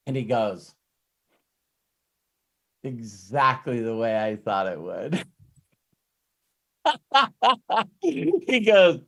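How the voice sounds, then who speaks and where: Man telling a motivational story. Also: fairly high pitch. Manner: retells stories with many "uh" fillers, ends with an earnest pep talk. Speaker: motivational speaker hosting a Q&A. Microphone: video call.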